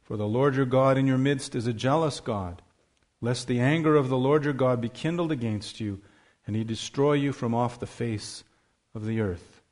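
A man's voice: medium pitch, normal speed, a little mellow. A male pastor reading a scripture passage aloud in a raised, emphatic voice during a sermon.

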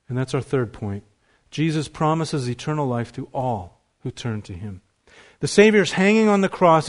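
A man preaching an earnest sermon as a pastor, swelling louder at key points. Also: a little high.

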